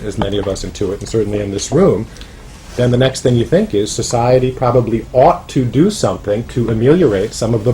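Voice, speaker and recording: A man's voice: medium pitch, mellow, a little hiss or hum. A man giving an informal talk about his book to a small audience, chatty and wry, with many fillers and restarts. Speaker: author speaking at a roundtable.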